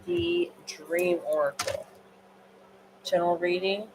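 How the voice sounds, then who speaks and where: A woman's voice: sits low, fairly even intonation, unhurried, faint music behind, rough recording. A woman doing a casual tarot card reading on a livestream, rambling and chatty, tired late at night.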